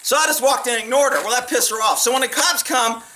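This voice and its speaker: High-voiced blunt cop telling stories. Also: male voice, quick pace, far from the mic, noisy background. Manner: blunt, profane, animated. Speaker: police officer vlogger. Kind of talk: casual storytelling monologue.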